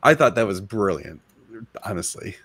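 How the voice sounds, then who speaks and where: A man hosting a casual livestream chat, with a rough, smoker-like voice, rambling in a laid-back way with lots of fillers. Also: low-pitched, animated, moderate pace, a bit bright. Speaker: host.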